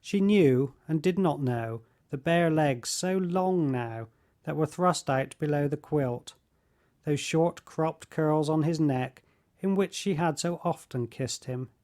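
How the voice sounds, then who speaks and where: A man narrating a classic novel as an audiobook, reading in a slow, measured way. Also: on the high side, a little mellow. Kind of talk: scripted narration.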